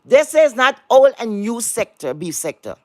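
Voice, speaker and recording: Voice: mid-range voice, sing-song, normal speed, dry recording, clean studio sound. Blunt, profane streamer ranting. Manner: blunt, profane, repetitive, emphatic; talks to the audience directly with rhetorical questions. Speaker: online commentator. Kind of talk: heated monologue rant.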